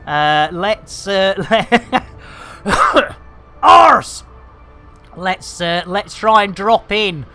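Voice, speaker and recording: A woman chats with her viewers while playing a game, joking around and breaking into excited exclamations. Her voice is bright and forward, and she talks at an unhurried, drawn-out pace, full of fillers and trailing thoughts. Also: medium pitch, faint music behind. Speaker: game streamer. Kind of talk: casual live-stream chat while playing.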